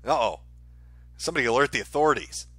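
A man's voice: mid-range voice, fast talker, sharp tone, husky, no room sound. A man hosting a live stream, ranting in a profane, heated way. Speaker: streamer host.

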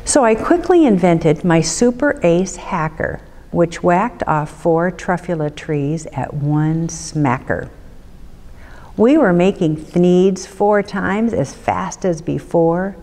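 A woman, a city councilmember, reading a rhyming children's book aloud for storytime in a measured, rhythmic way. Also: lowish voice, dark tone, big-room sound.

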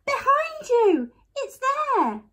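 A woman voicing a frightened little boy in a storybook, with high, tearful cries. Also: very animated, slow, husky, exaggerated voice.

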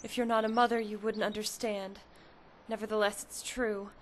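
A woman's voice: medium pitch, level tone, normal speed, a little hiss or hum, lightly acted. A woman voicing an earnest, pleading mother searching for her lost son in a dubbed drama. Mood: resolute.

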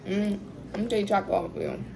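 A woman's voice: medium pitch, background noise. A young woman chatting casually to her viewers while eating, telling a story with laughs. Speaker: vlogger, mother.

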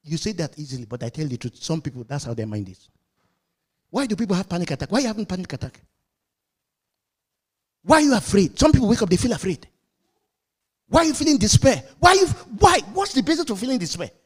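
A man preaching a sermon to a congregation, emphatic and questioning, at times rising to shouts. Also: sits high, very animated, fast, pauses often, breathy edge. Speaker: pastor.

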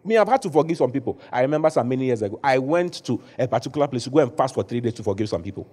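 A man preaching a sermon to a congregation in a large church hall, animated, at times shouting. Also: medium pitch, racing. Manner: animated preaching, rising to shouts when acting out the story. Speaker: bishop preaching.

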